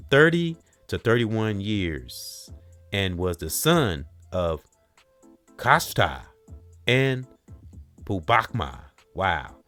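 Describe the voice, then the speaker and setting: A man hosting a casual talk, reading notes aloud haltingly, spelling out names letter by letter and stumbling over words. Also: low-pitched, fairly bright tone. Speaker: host.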